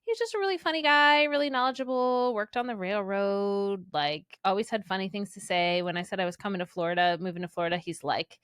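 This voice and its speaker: A woman in her forties from Indiana, co-hosting a podcast and telling a family story in an animated way, laughing often. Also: mid-range voice, fast talker, few pauses, clean tone, no room sound, studio quality. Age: 40s. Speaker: podcast co-host. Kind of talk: casual chat.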